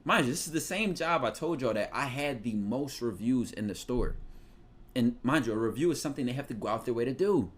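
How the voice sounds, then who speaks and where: A man's voice: medium pitch, a little fast. A man with a Philadelphia accent giving casual advice in loose, slangy talk with swearing. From Philadelphia, USA. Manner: loose, slangy, profane, animated storytelling. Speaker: podcast host giving advice.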